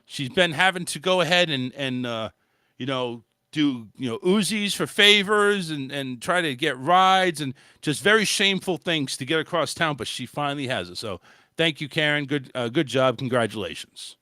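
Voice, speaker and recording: A man's voice: fairly high pitch, expressive, moderate pace, pushed and bright, no echo. A male host giving a blunt, swearing opinion monologue in a casual style, talking into a close mic. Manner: blunt, ranting, swears freely.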